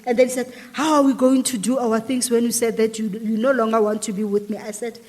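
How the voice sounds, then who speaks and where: A woman's voice: a little high, flat delivery, quick pace, a little mellow, big-room sound. A woman guest animatedly retelling a personal story in an interview, acting out the dialogue. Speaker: guest telling her story.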